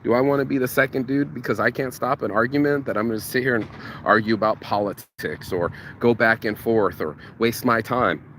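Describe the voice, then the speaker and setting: A man's voice: medium pitch, fairly quick. Slangy motivational man outside by traffic. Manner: slangy, profane, repeats words when excited. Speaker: motivational vlogger. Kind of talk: casual motivational monologue.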